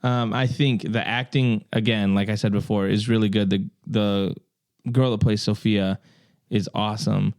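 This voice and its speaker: A man's voice: on the low side, steady tone, normal speed, a little mellow. A man co-hosting a casual nerd-culture podcast, chatting loosely and joking around. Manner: joking, puts on silly voices. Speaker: podcast co-host. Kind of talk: casual chat.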